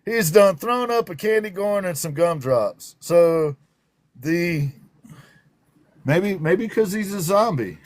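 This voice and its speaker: Man, Southern drawl, livestream host, teasing, laughs a lot, high-pitched. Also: expressive, slow pace. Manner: playful, teasing, laughs often. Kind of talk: lively livestream talk show.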